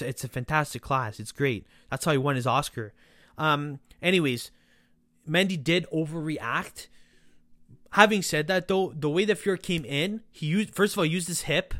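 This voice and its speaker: A man hosting a football podcast, ranting sarcastically and swearing as he talks to the players directly, his voice worn from yelling. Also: fairly high pitch, no room sound, studio quality. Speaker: podcast host. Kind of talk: casual football rant.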